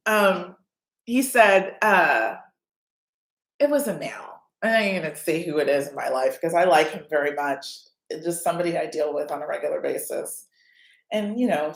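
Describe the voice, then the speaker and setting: A middle-aged woman hosts a casual live chat, talking freely and reading out viewer comments as she goes. She swears casually and keeps a loose, conversational flow. Her voice carries some echo from the room. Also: mid-range voice. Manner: chatty, reads viewer comments aloud, curses casually. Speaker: podcast host. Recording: echoey room.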